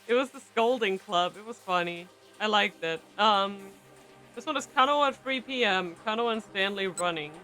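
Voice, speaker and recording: A young woman streaming, reading a visual novel aloud with expressive narration. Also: mid-range voice, measured pace, over music, rough recording. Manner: expressive narration, breaks into laughter.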